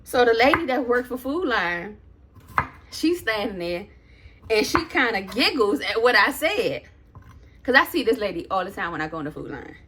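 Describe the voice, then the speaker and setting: A woman's voice: on the high side, normal speed, slight background noise. A woman vlogger telling a story as a casual rant, in a sassy, sarcastic, chatty way. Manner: animated, loose and chatty.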